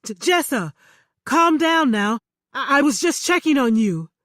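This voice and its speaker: A woman voicing a self-righteous male faith healer who stammers and insists loudly on his innocence. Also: high voice, big pitch swings, unhurried, no room sound, clean studio sound, voice pushed up, exaggerated voice. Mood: defensive, pleading.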